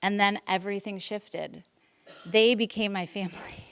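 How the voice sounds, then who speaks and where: A woman's voice: medium pitch, fairly even intonation, normal speed, fairly bright tone, clean tone. A woman in her forties, a teacher, giving an emotional personal presentation at a school board meeting, earnest, with many ums and restarts. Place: public meeting room.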